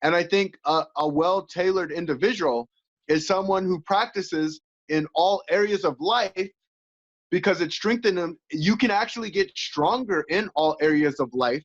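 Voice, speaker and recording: A man, a coach and former fighter, chatting as an interview guest in an animated way, acting out inner voices. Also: high-pitched, moderate pace. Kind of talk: casual interview chat. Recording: dull lo-fi audio.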